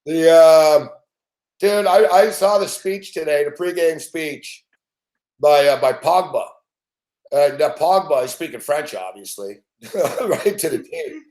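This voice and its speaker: Man, fairly high voice, sports show host, casual profane chat, excitable, swears a lot. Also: takes it slowly.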